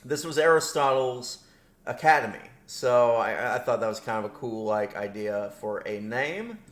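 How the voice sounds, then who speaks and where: A man's voice: mid-range voice, normal speed. A man casually commentating his strategy game with his headset on, rambling and correcting himself, laughing often. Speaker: gameplay commentator. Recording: roomy echo.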